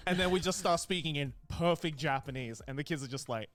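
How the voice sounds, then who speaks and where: A man's voice: on the high side, fast talker, few pauses, over loud music. A man chatting casually with friends, telling playful stories with laughter. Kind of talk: casual podcast chat.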